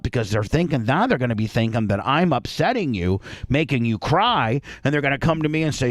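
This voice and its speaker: A man's voice: mid-range voice, fast, hardly any pauses, dry recording, studio quality. Rambling man spinning a crude story. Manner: rambling, animated, crude slang. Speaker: radio show host. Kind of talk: casual storytelling on talk radio.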